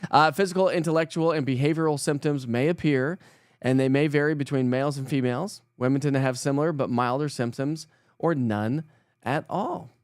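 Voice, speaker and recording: Talking at a fairly quick pace in a mid-range voice, the man from Colorado banters with viewers during his casual morning weather live stream, joking at his own expense, laughing frequently, and fumbling words. It's a dry, clean studio recording.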